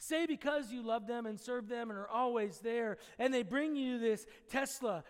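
High-voiced preacher in a reverberant hall. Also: male voice, normal speed, few pauses, smooth. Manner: conversational preaching with sudden loud bursts. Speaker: pastor. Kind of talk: sermon.

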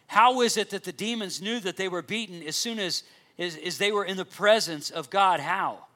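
A man's voice: sits high, normal speed, sharp tone. A man preaching a sermon in an earnest way, reading scripture aloud and explaining it to his congregation. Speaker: pastor.

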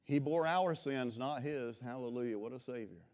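A man from Florida preaching a revival sermon, swinging between loud impassioned calls and quiet personal storytelling. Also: medium pitch, normal speed. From Florida, USA.

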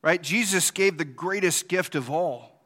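A man's voice: fairly high pitch, a little slow, sharp tone. A male pastor giving a conversational sermon, asking the congregation questions and acting out quoted reactions.

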